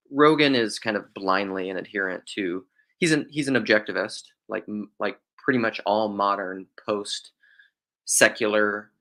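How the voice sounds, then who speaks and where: A young man from Western South Dakota, with a faint drawl, muses through a casual theological monologue. His voice sits on the low side and has a bright, forceful edge and a gravelly texture. He talks in loose runs and often restarts his sentences as he thinks aloud. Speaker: podcast host.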